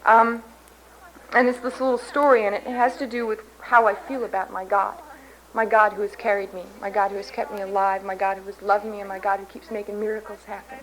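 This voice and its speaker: As main speaker at a recovery convention, a woman from Kansas, USA gives a candid, self-mocking personal testimony from a podium in a large hall, often laughing at herself. Her mid-range voice is level in tone and fairly quick, with slight background noise.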